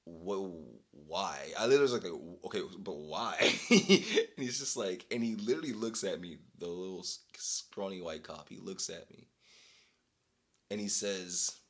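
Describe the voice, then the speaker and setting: A young man vlogging, telling an exasperated story in a casual, animated way and breaking into laughter. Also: deep voice, measured pace.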